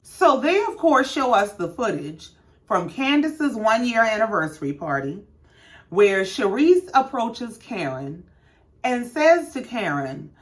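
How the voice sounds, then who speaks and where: A woman's voice: fairly high pitch, very animated, unhurried. A woman giving a sassy, casual recap of a reality show, acting out the quotes in raised voices. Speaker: recap host.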